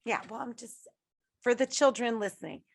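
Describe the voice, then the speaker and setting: A woman in her thirties, a podcast host chatting casually, a little sick and rough-voiced, restarting and laughing often. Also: a little high, normal speed, no echo, studio quality. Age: 30s. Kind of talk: casual chat.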